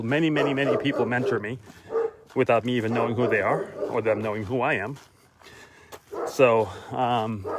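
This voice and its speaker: A tired, winded man talking casually while walking outdoors, repeating his key lines for emphasis with pauses. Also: medium pitch, a little hiss or hum. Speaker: motivational vlogger. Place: outdoors on a walk.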